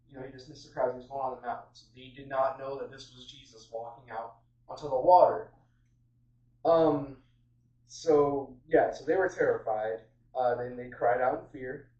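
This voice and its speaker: A man's voice: medium pitch, darkish tone. A man giving an informal sermon on a Bible passage, conversational and full of fillers and restarts. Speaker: preacher. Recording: roomy, distant, dull sound.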